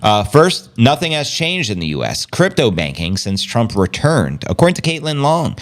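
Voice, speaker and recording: A man's voice: mid-range voice, big pitch swings, moderate pace. A man hosting a casual livestream, reading out news and chat comments in a hyped, loose, chatty way. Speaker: crypto livestream host.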